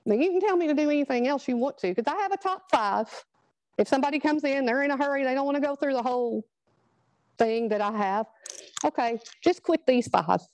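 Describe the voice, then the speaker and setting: A woman's voice: sits high, fairly quick, a little mellow, no room sound, poor audio. A middle-aged woman, giving a chatty, earnest motivational talk to a live group. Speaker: speaker at a product training.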